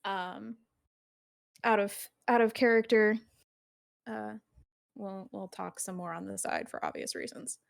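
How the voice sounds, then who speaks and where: A woman's voice: mid-range voice, fairly even intonation, a little slow, gravelly, long pauses. A woman narrating a tabletop game as game master, descriptive and easygoing.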